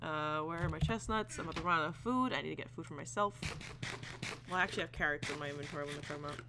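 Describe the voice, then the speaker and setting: Racing along in a deep voice, a female gamer gives casual commentary, giggling, chatting to the animals and slipping into silly voices. Background noise can be heard.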